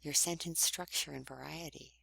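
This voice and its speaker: A woman, a writing instructor, giving a recorded online lecture in a conversational, explanatory way, often trailing off into breathy endings. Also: low-pitched, fairly even intonation, moderate pace, pushed and bright, dry recording.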